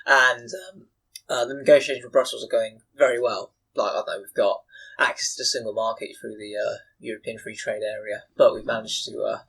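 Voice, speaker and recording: This podcast co-host, a young man from the United Kingdom, has a fairly low, gravelly voice that's a bit bright with a breathy edge and fairly even intonation. He talks briskly and at length among friends, hesitating with many fillers, on a rough recording.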